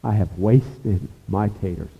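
A pastor preaching a sermon, earnest, rising to emphatic points and dropping to a hushed, confessional tone. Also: male voice, low voice, slow pace, vocal fry, husky. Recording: echoey hall over a tinny phone-like line.

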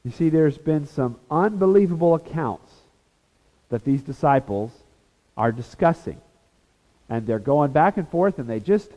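A man teaching a Bible lesson as a sermon, animated and acting out the voices of people in the story. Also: a little high, moderate pace. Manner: animated, acts out voices of the disciples and Jesus. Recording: reverberant hall.

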